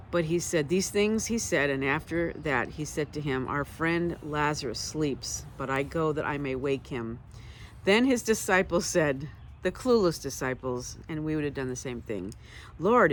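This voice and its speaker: A woman's voice: low voice, slight background noise. Woman reading scripture with chatty asides. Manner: conversational, reads scripture aloud then adds asides. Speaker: Bible teacher. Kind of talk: devotional Bible reading with commentary.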